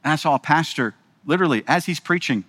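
Emphatic preacher, slightly high voice. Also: male voice, lively intonation, fast, a bit bright. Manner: emphatic, rhetorical, keeps asking the audience "right?". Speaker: pastor. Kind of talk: sermon.

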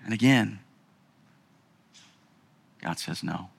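A male pastor delivers an emphatic sermon in a bright, slightly higher voice. He talks slowly and deliberately, with a very lively rise and fall, addressing his listeners directly.

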